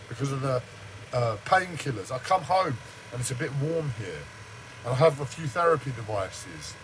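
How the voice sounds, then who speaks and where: Man, raw swearing rant, slightly high voice, faint noise behind. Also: a bit bright, poor audio. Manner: swears heavily, agitated and raw. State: shaken, says he speaks like he is in shock. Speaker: livestreamer. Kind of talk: angry personal rant. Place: standing in front of a camera.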